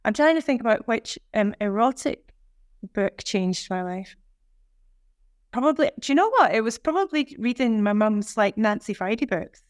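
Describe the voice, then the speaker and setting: Smooth-voiced Scottish woman guest. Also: fairly high pitch, dry recording, studio quality. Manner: enthusiastic, expressive, quick bursts of praise. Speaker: author and guest. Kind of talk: casual interview chat.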